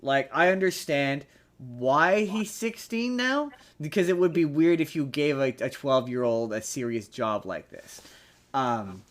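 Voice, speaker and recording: A man's voice: mid-range voice, expressive, measured pace. Man, podcast host, casual chat, chatty, teasing, rambling.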